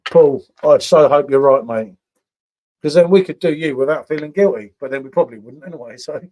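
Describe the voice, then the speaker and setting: A man's voice: a little high, a little fast, darkish tone. A man hosting a casual beer review livestream, chatting with viewers by name and tagging questions onto his sentences. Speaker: beer review channel host.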